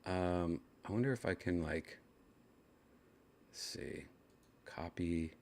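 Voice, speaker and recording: Low-voiced man telling a rambling story. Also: takes it slowly, a little mellow, slight background noise. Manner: rambling, laid-back, full of restarts. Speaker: podcast host. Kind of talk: casual storytelling.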